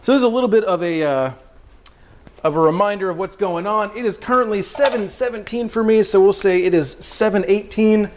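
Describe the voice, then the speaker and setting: A man's voice: high voice, brisk, slight background noise. A man hosting a cooking livestream, chatting casually and addressing his viewers directly.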